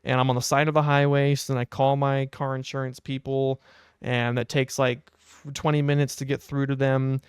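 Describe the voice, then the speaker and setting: A young adult man hosting a podcast, telling a casual anecdote in a wry, animated way. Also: mid-range voice, moderate pace, clean tone, dry recording, clean studio sound. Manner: animated, wry storytelling with quoted asides. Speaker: podcast host.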